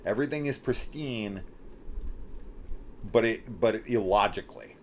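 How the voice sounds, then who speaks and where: A middle-aged man talking through a horror film in a casual spoiler discussion, animated and incredulous, swearing and acting out scenes. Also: fairly low pitch, a little slow, slight background noise. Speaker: horror movie reviewer.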